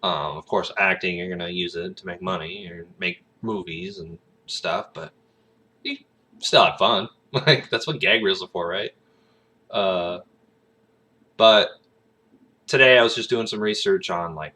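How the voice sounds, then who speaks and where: Guy rambling about acting, lots of ums and likes, lowish but bright voice. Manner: rambling, filler-heavy, laughs often. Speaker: aspiring actor, vlogger. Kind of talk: casual rambling monologue.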